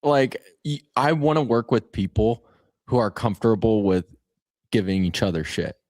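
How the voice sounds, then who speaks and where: Laughing lower-voiced male radio producer. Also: normal speed, no room sound, clean studio sound. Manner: animated, laughing storyteller. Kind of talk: casual radio chat.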